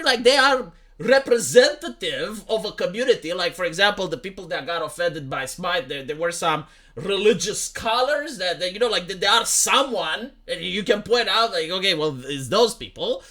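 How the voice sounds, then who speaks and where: A man's voice: high voice, sharp tone. A young man ranting in profane, heated commentary, often repeating "like" and "right?". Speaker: commentary streamer.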